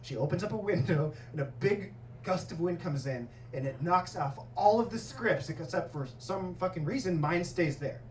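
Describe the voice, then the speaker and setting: A male stand-up comedian telling a story in an animated way, acting out characters and swearing often, on stage in a comedy club. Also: high-pitched, moderate pace, few pauses, slight background noise. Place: comedy club with live audience. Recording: roomy club recording from far off with crowd laughter.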